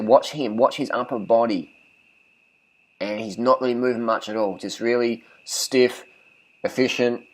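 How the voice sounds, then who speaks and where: A man doing casual commentary over race footage, coaching viewers on riding technique. He talks bluntly, swears freely and hammers his points home by repeating them. His voice sits at an ordinary middle pitch. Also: poor audio. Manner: blunt, profane, repeats phrases for emphasis. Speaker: cycling vlogger.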